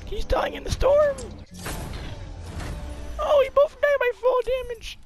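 A gamer putting on a hoarse, raspy voice to troll strangers in voice chat, with panicky, squealing exclamations. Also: extremely high pitch, fairly even intonation, measured pace, over music.

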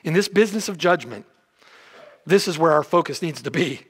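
High-voiced preacher in a reverberant hall. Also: male voice, animated, brisk, slightly rough. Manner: emphatic preaching with rhetorical questions. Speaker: pastor. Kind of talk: expository sermon. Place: church sanctuary.

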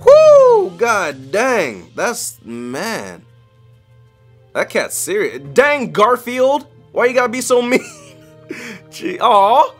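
A man hosting a video, reacting to clips with animated, joking, exclamatory commentary. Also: high-pitched, slow pace, soft background music. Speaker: YouTube host.

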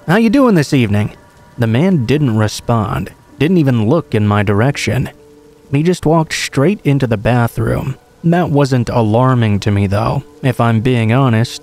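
A man narrating a first-person true horror story in a steady, measured way. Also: mid-range voice.

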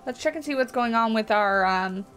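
A woman's voice: fairly high pitch, normal speed, fairly bright tone. A woman hosting a let's play, chatting casually as she builds in a zoo game and reacts aloud to what happens on screen. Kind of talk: casual gameplay commentary.

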